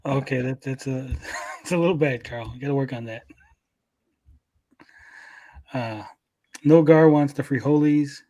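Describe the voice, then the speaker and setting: A man's voice: mid-range voice, normal speed, mellow. A man hosting a casual stream chat, laid-back and reading chat comments aloud with casual swearing. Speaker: podcast host.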